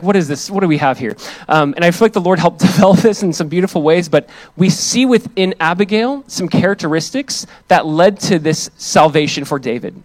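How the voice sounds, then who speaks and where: Animated young male pastor, dry sound. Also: high voice, no echo. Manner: animated storytelling, voices others in quotes. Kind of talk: sermon with personal story.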